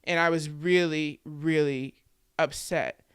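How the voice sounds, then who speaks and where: A woman's voice: low voice, fairly even intonation, takes it slowly, clear, resonant tone, no echo, studio quality. A woman in her twenties telling her own story to the camera in a candid, conversational way, with plenty of "like" fillers. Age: 20s. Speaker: vlogger and podcaster.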